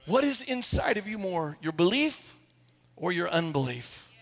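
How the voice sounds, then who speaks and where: A man's voice: sits high, sing-song, a little slow, creaky, big-room sound. A man, a pastor, preaching a sermon and telling stories with acted quotes, in a church sanctuary.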